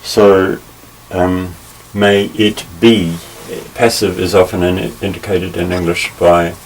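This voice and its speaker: A man teaching a Bible lesson, measured and careful, pausing often with fillers as he explains. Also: sits low, flat delivery. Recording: slightly distant mic with faint ambient noise.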